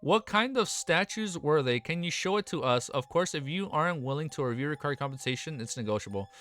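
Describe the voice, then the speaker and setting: A man's voice: a little high, animated, brisk, a bit bright, faint music behind. A man reading aloud the lines of a polite, curious young noblewoman.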